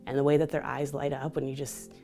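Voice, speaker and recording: Low-voiced woman from Vancouver, DJ interviewee, open and reflective, faint music behind. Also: level tone, fast talker, mellow. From Canada (Vancouver). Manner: open, reflective storytelling with frequent laughter. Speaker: interviewee, DJ and motivational speaker. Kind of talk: candid personal interview.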